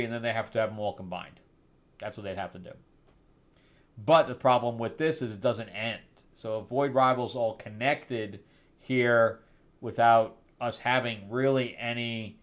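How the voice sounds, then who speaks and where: A man hosting a casual comic book review show, rambling and sarcastic, often laughing at what he describes. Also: mid-range voice.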